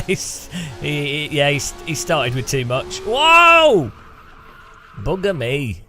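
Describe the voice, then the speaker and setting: A man talks casually while streaming a racing game, teasing and joking with his viewers. His voice sits a little high, and soft music plays faintly behind him. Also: slow pace. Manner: teasing, joking, chatty with restarts. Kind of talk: casual gameplay commentary.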